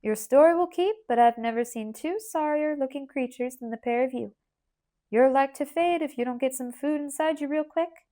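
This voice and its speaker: Brisk storybook aunt with a peppery twang and mellow tone, read by a woman, teacherly and emphatic. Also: high-pitched, close to an everyday voice. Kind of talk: audiobook character voice.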